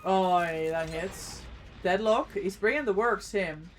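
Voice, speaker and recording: A woman's voice: medium pitch, slow, a little hiss or hum. A woman streamer chatting casually with viewers while gaming, reacting to the play and greeting chat, eating as she talks.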